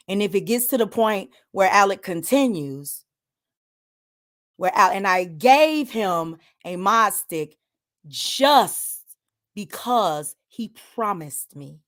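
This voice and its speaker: An older woman hosting a livestream, talking in an emphatic casual rant that swings from loud to hushed, with sighs. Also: fairly low pitch. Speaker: livestream host.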